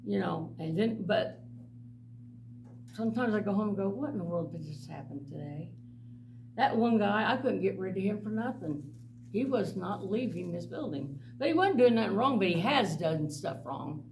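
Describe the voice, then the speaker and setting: A middle-aged woman giving a blunt, animated personal testimony to a church group, laughing often as she tells her stories. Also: mid-range voice, moderate pace, creaky. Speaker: mission director. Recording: distant mic with faint background noise.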